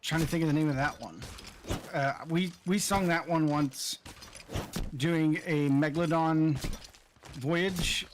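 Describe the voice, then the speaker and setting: A man with a fairly high voice fills in for the streamer with light, joking banter. He rambles casually while chatting with viewers during a game, over faint boat and water ambience. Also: measured pace, long pauses, a little hiss or hum. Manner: playful, jokey and rambling. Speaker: co-player filling in for the streamer. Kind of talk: casual gaming chat.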